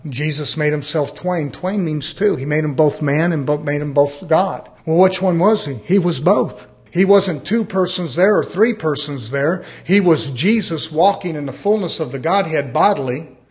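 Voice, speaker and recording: A man's voice: a little high, normal speed, hardly any pauses. A man in his fifties preaching a sermon, asking rhetorical questions and calling for amens. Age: 50s. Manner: animated preaching, rhetorical questions, calls of amen.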